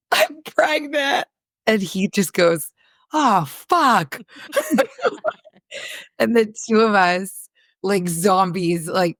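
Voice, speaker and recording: A woman's voice: lowish voice, no room sound, studio quality. A woman in her thirties, a podcast co-host, telling a story in casual chat, candid and swearing freely as she acts out dialogue. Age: 30s.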